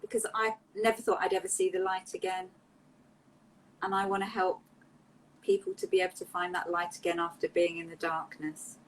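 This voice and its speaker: A woman, an interview guest telling personal stories in a heartfelt, emotional, animated way. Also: on the low side, normal speed, a little hiss or hum, poor audio. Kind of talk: candid interview storytelling.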